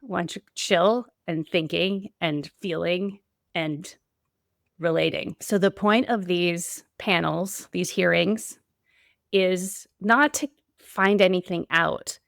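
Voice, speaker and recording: A woman's voice: on the low side, slow pace, creaky, fairly bright tone, no room sound, clean studio sound. A woman hosting a solo podcast, talking in an earnest, emphatic way with repeated build-ups. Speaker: podcast host.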